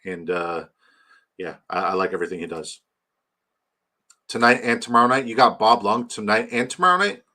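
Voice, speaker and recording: A man's voice: lowish voice, animated, moderate pace, pauses often, sharp tone. A man hosting a casual livestream, rambling about his draft, reading chat aloud and hyping a giveaway. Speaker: livestream host.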